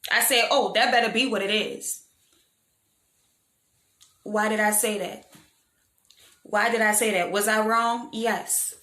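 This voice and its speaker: A young woman telling a storytime vlog in a frank, animated, slangy way, poking fun at herself. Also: medium pitch. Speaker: vlogger. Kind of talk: casual storytime monologue. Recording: echoey room.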